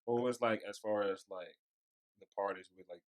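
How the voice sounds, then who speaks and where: Young man, podcast host, relaxed slangy questions, somewhat low voice. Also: moderate pace. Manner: relaxed, slangy interviewer with short reactions and laughs. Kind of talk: casual chat.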